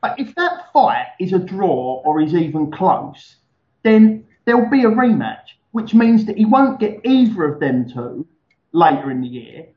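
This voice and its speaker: A man's voice: high voice, sing-song, measured pace. A man calling in to a podcast, chatting casually and rambling with lots of hedging. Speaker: guest on a call. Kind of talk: casual chat. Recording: echoey, dull remote call line.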